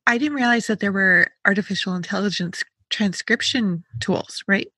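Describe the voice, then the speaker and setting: A woman's voice: mid-range voice, moderate pace, pushed and bright, breathy edge, no echo. A woman hosting a podcast and chatting in a friendly, self-aware way, laughing easily. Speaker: podcast host. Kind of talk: casual conversation.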